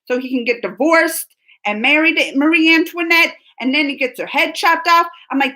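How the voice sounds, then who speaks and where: A woman's voice: sits high, moderate pace, sharp tone. A young woman hosting a casual live stream, chatting with viewers in a rambling way, laughing often and restarting her sentences. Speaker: reaction channel host reading live chat.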